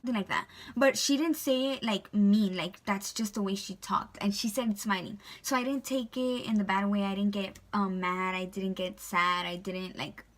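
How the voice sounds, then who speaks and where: A woman's voice: mid-range voice, fairly even intonation, moderate pace, hardly any pauses. A young woman vlogger telling a storytime in a chatty way, full of "like" and "um". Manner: chatty, filler-heavy, lots of "like" and "um". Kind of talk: storytime vlog.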